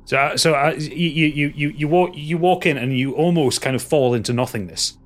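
A man's voice: on the high side, brisk. A man narrating as game master of a tabletop game, often stumbling and repeating words.

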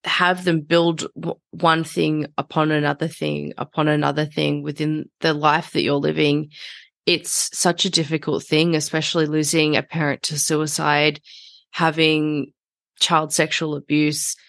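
Host, woman, very low and flat voice, reflective and gentle in conversation. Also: measured pace, vocal fry, dry recording, studio quality. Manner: gentle, searching, with many restarts. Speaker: podcast host. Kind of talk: interview conversation.

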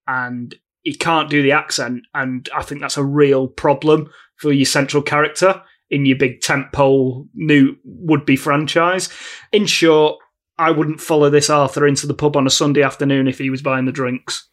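Podcast co-host with a wry, dry wit and a slightly high voice, casual film review. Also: male voice, flat delivery, normal speed, fairly bright tone. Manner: wry, dry humour, frequent restarts.

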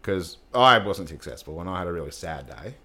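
A man's voice: deep voice, lively intonation, a little fast, pushed and bright, husky. A middle-aged man co-hosting a podcast, telling a story in casual chat, swearing often and laughing as he goes. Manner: swears often, laughs through his stories. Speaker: podcast co-host.

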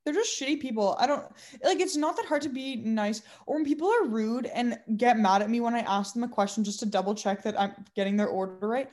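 A woman's voice: fairly high pitch, brisk, hardly any pauses. A young woman, co-hosting a podcast, telling fired-up stories about difficult customers in casual chat. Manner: ranting, animated storytelling about customers. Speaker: podcast co-host.

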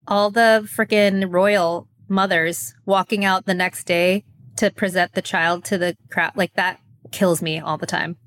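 A woman's voice: fairly low pitch, steady tone, measured pace, fairly bright tone, no room sound. A woman co-hosting a podcast, chatty and opinionated in casual chat. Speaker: podcast co-host.

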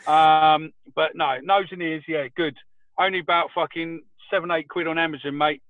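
A man's voice: on the high side, fairly even intonation, moderate pace, no room sound. A man co-hosting a podcast, telling rowdy anecdotes and swearing freely. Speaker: podcast co-host. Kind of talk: casual chat. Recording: tinny phone line.

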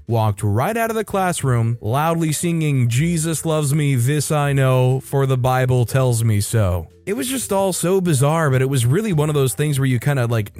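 Male story narrator, mid-range voice, measured scripted read over faint background music. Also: medium pitch, a little mellow.

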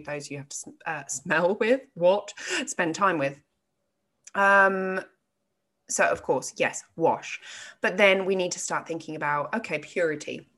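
A woman's voice: fairly low pitch, a bit bright. A woman who teaches yoga, co-hosting a casual chat, swearing freely and laughing often. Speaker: podcast co-host, yoga teacher.

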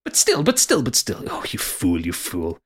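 A man's voice: very animated, a little fast, fairly bright tone. A man voicing a theatrical, mocking older brother with a Cockney accent in a tabletop game. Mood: scolding. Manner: theatrical, mocking, exaggerated swings in pitch.

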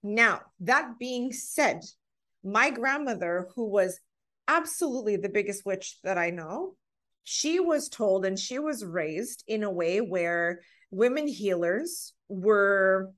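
A woman's voice: medium pitch, animated, takes it slowly, fairly bright tone. Earnest woman telling heartfelt stories. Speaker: podcast guest. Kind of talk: casual podcast conversation.

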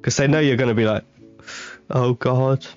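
A man's voice: medium pitch, steady tone, moderate pace, a little mellow, highs cut off. A young man co-hosting a casual chat podcast, telling rambling stories and laughing often. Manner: laid-back, laughs often, rambling storytelling. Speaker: podcast co-host.

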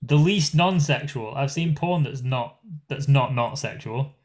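A man's voice: medium pitch, measured pace, a little mellow. A man, co-hosting a podcast with crude, jokey banter and frequent laughter. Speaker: podcast co-host. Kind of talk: casual chat.

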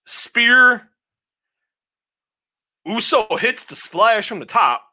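A man co-hosting a podcast, giving a casual, rambling, animated review with plenty of swearing. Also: extremely high pitch, drawn-out words, long pauses. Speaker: podcast co-host. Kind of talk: casual show review chat.

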